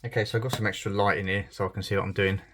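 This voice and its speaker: A British man with a fairly low voice talks through a fiddly toy repair. He mutters and half-whispers, cursing under his breath as he works, in a relaxed hobby-channel manner. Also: very fast, slight background noise. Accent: British English. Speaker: toy collector channel host. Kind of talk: casual commentary while repairing a toy.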